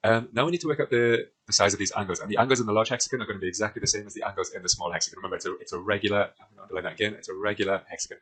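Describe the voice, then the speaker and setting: A British man with a fairly low, bright voice races through a maths exam question as a tutor, barely pausing and filling his speech with "um"s as he sketches on a diagram. The audio quality is poor.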